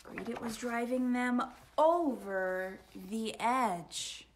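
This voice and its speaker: Lady doing storytime, high lively voice, slow and bright, sing-songy rhymes. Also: slight background noise. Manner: expressive, sing-song rhyming delivery with whispered moments. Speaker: children's book reader. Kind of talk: storytime read-aloud.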